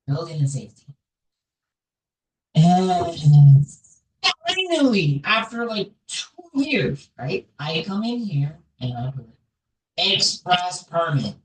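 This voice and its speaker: Casual vlogger, rambling screen walkthrough, mid-pitched, roomy echo, voice sits away from the phone mic. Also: lively intonation, slow. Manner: rambling, peppered with "like" and "right?". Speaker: real estate investor vlogger. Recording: echoey room, voice far from mic.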